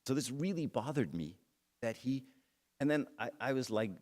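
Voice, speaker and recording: A middle-aged man gives a conversational church talk built around a personal story, speaking directly to the audience. His voice is medium-pitched and darkish in tone, with lively intonation at normal speed.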